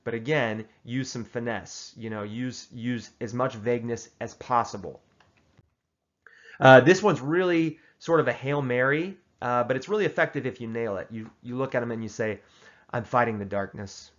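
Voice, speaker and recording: A man hosting a casual comedic advice monologue, delivering tongue-in-cheek tips in a mock-serious, deadpan way with frequent restarts. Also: mid-range voice, moderate pace, muffled recording.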